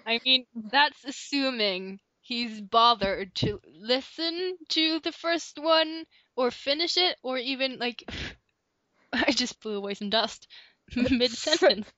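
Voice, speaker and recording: A woman's voice: high voice, slow, sharp tone, dry recording. A young woman co-hosting a casual podcast, playful and eager, laughing often. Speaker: podcast co-host. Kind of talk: casual chat. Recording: dull lo-fi home mic, dry.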